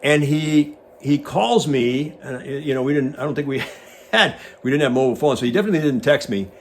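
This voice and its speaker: A man's voice: medium pitch, brisk, slight background noise. Casting: man, 60s, ex-pilot host spinning a casual yarn in an average, mid-range voice. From United States. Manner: animated storyteller who acts out quoted dialogue. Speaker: guest host, retired Navy pilot. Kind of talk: casual anecdote telling.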